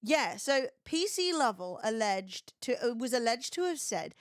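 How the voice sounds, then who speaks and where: A woman's voice: fairly high pitch, sing-song, measured pace, no echo, studio quality. A young woman streaming, retelling gossip in a sweary, chatty way. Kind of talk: casual livestream chat.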